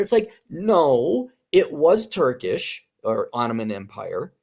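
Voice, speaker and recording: A man on a casual podcast, talking in a heated, profane rant that keeps restarting mid-thought. His voice sits somewhat high and swings widely in pitch as he gets worked up. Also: sing-song, a little slow, vocal fry, hardly any pauses, darkish tone, husky. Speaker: podcast host.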